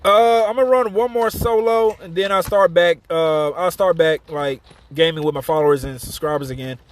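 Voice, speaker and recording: A man's voice: fairly high pitch, steady tone, moderate pace. A man streaming a game live, chatting casually with viewers and telling a story between plays. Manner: casual, chatty, retells a story while playing and thanking viewers.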